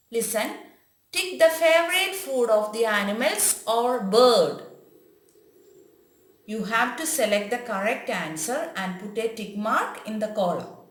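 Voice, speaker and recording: Slow, echoey teacher voice, woman. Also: high-pitched, a bit bright. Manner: slow, deliberate, exaggerated questions and animal sounds. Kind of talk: online class for young children. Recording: echoey room.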